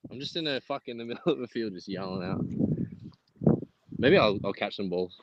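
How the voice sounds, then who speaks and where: A man's voice: lowish voice, lively intonation, a little fast, dull audio, heavy background noise. A man in casual, crude banter with friends while gaming, joking and swearing. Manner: joking, swearing, laughs often.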